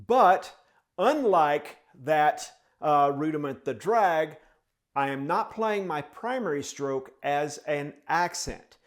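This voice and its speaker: A man's voice: fairly high pitch, lively intonation, slow. A man teaching a drum lesson step by step, speaking the rhythms aloud in syllables as he demonstrates them.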